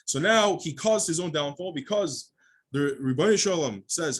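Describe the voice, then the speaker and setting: A rabbi gives his daily Talmud lesson in a fairly high voice for a man. He reads the Aramaic text line by line and then explains it in plain English. He often stops and restarts as he searches for the right wording. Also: animated, a little fast, breathy edge. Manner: explains phrase by phrase, with frequent restarts.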